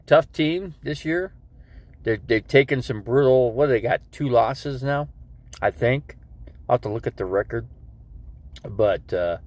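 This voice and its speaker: A man with a stuffed-up nose, rambling casually to his viewers on a live stream about his day. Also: medium pitch. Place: living in an RV.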